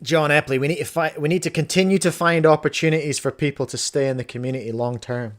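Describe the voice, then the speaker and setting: A man's voice: a little high, fast talker. A married man, hosting a podcast and chatting casually as he reacts to videos with playful, jokey asides. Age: adult, married.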